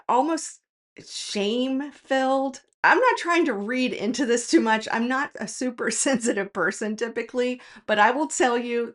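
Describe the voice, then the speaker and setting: A woman who runs a tutoring business, telling a personal story in a casual, frank and reflective way, straight to her viewers. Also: medium pitch.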